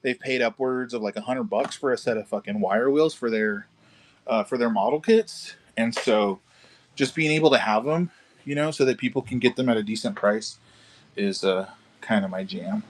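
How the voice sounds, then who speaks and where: A man hosting a casual live stream from a car shop garage, selling model kits and chatting with viewers, relaxed and chatty, swearing now and then. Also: medium pitch, normal speed, a little hiss or hum. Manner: laid-back, chatty, swears casually, calls viewers dude and bro.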